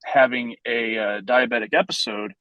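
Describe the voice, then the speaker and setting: A man guesting on a podcast, explaining things in a relaxed, casual way with plenty of ums and uhs. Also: medium pitch, moderate pace, no room sound, dull audio. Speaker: vintage base ball club member, guest.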